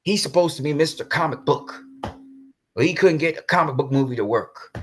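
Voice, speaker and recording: Angry ranting man, voice fairly high. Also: moderate pace, a little hiss or hum. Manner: angry, heated, swearing, apologetic about cursing. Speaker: commentary vlogger. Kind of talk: ranting commentary reading viewer comments.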